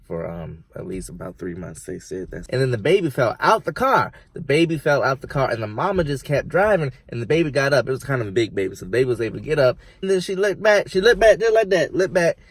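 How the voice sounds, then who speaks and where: A man playing a rambling older Southern gentleman who hops between unrelated stories, in an improvised comedy sketch. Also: medium pitch, big pitch swings, fast talker, few pauses, breathy edge, dry recording, voice pushed up. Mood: rambling, boastful.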